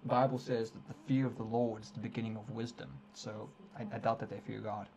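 A man's voice: lowish voice, level tone, fast, creaky, darkish tone, a little hiss or hum, poor audio. A young man casually commentating a game stream, playful and teasing, with preachy asides. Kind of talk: casual let's-play commentary.

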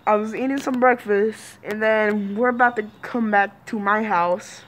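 A woman's voice: medium pitch, fairly even intonation, a little slow, slight background noise. A woman telling a rambling storytime to her viewers, repeating and restarting her lines. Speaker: vlogger. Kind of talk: casual storytime.

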